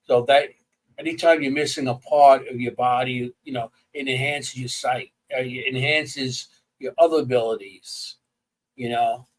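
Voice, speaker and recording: A man chatting casually as a paranormal investigator, telling stories in an animated way and restarting sentences as he gets excited. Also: medium pitch, normal speed, distant mic, low-quality recording. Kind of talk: casual chat.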